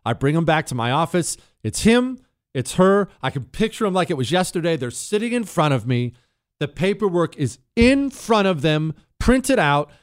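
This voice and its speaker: A male talk show host spinning a long story for his listeners. His voice sits a little high and swings widely up and down. He talks emphatically and addresses the audience directly. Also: sing-song, normal speed, clean tone.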